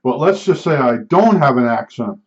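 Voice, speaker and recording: A man's voice: medium pitch, lively intonation, moderate pace. An older man from New Jersey with a New Jersey accent, telling rambling personal stories in a casual, chatty monologue full of asides. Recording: dull lo-fi sound.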